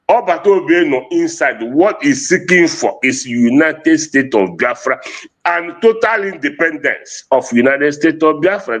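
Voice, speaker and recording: A man's voice: a little high, fairly bright tone. A man from Nigeria with an Igbo-accented English, giving an impassioned political speech and switching between Igbo and English. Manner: fervent, mixes Igbo and English, repeats phrases. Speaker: activist speaker.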